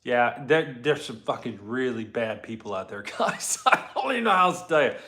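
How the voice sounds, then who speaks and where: A laid-back man talks shop from his garage, answering viewer comments. His talk rambles loosely and he swears freely. The room is echoey, and his voice sits at a middle pitch. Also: sing-song, brisk, pushed and bright. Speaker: host and car builder.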